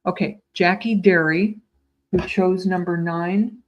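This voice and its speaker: A woman giving live psychic readings, speaking in a tender, soothing way with gentle repetitions and small stumbles, calling viewers sweetheart. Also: on the low side, fairly even intonation, a little slow, highs cut off. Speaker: psychic medium.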